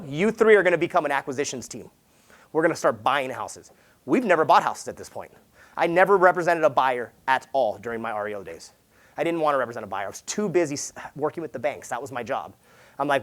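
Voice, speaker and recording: A man's voice: medium pitch, fast. A man, a real estate agent, giving a motivational talk at a sales summit. He tells stories casually, acts out conversations and swears along the way. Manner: animated, acts out conversations in quoted voices; casual and slangy, swears, says dude. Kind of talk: motivational conference talk, storytelling.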